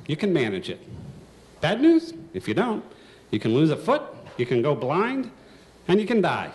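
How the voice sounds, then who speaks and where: A man's voice: medium pitch, darkish tone, a little hiss or hum. A man voicing a blunt male doctor giving a grave diagnosis in a stern, lecturing way.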